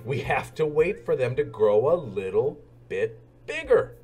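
A man's voice: mid-range voice, very animated, measured pace, a little mellow, faint music behind. A man voicing a kindly grandpa pig. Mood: gentle. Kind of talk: storybook read-aloud.

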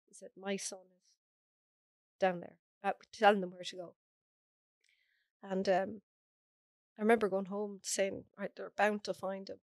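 Flat-voiced Irish woman telling her story. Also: mid-range voice, vocal fry, no echo. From Ireland. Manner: earnest, recounting in close detail. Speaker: podcast guest. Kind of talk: personal storytelling in an interview.

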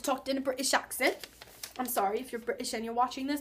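Teen girl vlogger, slightly high voice, casual and rambling, excitable. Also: fast, a little hiss or hum. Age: teens. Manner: chatty, rambling, excitable, with many fillers and asides. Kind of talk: casual vlog chat.

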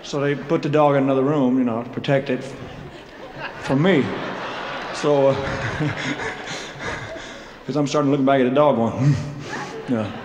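A man's voice: medium pitch, steady tone, normal speed, long pauses, crowd noise. Man on stage, rambling stories, self-mocking, frog in throat, echoey concert hall, faint hiss. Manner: jokey, self-mocking, laughs between phrases. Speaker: singer performing live. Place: large showroom stage. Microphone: stage microphone.

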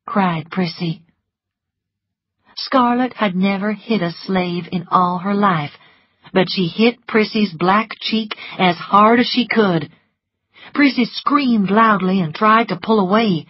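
A woman reads an audiobook in an unhurried, measured way. Her voice is husky. The recording is dry and a little dull. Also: fairly low pitch, dry recording. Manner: measured, even storytelling. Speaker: audiobook narrator. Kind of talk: scripted narration. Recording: slightly muffled lo-fi, dry.

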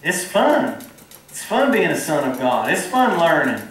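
A man's voice: on the high side, very animated, unhurried, a bit bright, a little hiss or hum. Guy preaching, folksy and earnest, lots of echo, sounds far from the mic. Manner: folksy, earnest, calls for responses from the congregation. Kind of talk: sermon. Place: church hall. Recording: echoey hall from far off.

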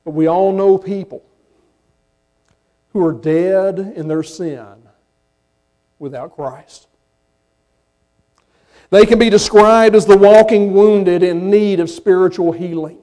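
A man with a Southern accent preaching a sermon as pastor, folksy and at times rising to impassioned shouts. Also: high voice, slow, long pauses. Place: church sanctuary.

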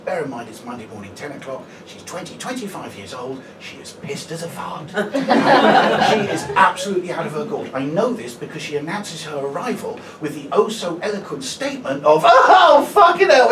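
Chatty stand-up comic, forties. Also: male voice, fairly high pitch, echoey room, noisy background. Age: 40s. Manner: chatty, self-deprecating, tags lines with "right?". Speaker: stand-up comedian. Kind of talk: stand-up storytelling. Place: comedy venue stage. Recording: live room, mic at a distance, loud audience.

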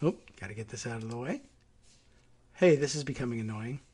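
A man's voice: medium pitch, a little fast, darkish tone, slightly rough. A man hosting a talk show, reading an article aloud and breaking off into muttered, chatty asides. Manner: chatty, muttering asides while working the computer.

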